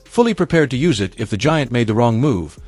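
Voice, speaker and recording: A man's voice: medium pitch, sing-song, brisk, darkish tone, no room sound. A man giving scripted documentary narration, building suspense. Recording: dry voice-over over music.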